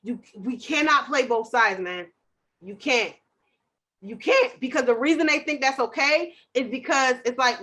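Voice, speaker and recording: A woman hosting a podcast, talking in a loud, passionate way. Her voice sits a little high and sounds bright and forceful. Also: a little slow. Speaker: podcast host. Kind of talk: casual chat.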